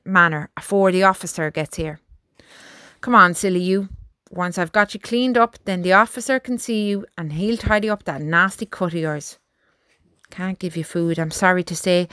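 A woman voicing a gentle young male soldier who talks softly and coaxingly to a horse, in a dry recording. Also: mid-range voice, no echo, natural voice. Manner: soft, coaxing.

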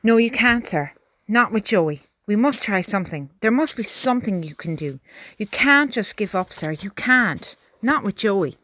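A man's voice: sits high, expressive, moderate pace, pushed and bright, dry recording, voice pushed up. A woman doing an anxious young soldier lad. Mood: pleading. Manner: pleading, urgent. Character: young male farm lad turned soldier, anxious and pleading.

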